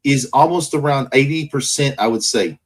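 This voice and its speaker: Man, mid-pitched voice, heated profane rant. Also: normal speed. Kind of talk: casual chat.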